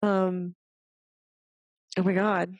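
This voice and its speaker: A woman's voice: on the low side, flat delivery, extremely slow, dry recording, highs cut off. Giggly woman medium in a dry room. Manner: laughs often, relays a spirit's words. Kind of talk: casual chat.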